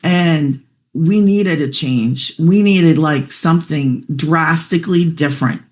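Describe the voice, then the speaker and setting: A woman's voice: low-pitched, slow, darkish tone. A middle-aged single mother sharing a personal testimonial, heartfelt and chatty, fighting back tears at times. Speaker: guest sharing her story.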